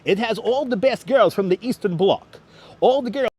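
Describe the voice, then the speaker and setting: A man putting on a sleazy male announcer with a mock Russian accent, reading a joke radio advertisement in a slow, drawn-out salesman delivery. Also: high voice, animated, a little mellow, husky, no room sound, voice pushed up. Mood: hammy. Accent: put-on Russian. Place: outdoors on a city street. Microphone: wireless clip-on mic.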